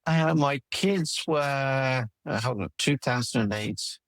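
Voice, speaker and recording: A middle-aged relationship coach tells personal stories in a conversational interview, earnest and emphatic, restarting his sentences often. His mid-range voice is slow, slightly bright, and touched with vocal fry, with no echo.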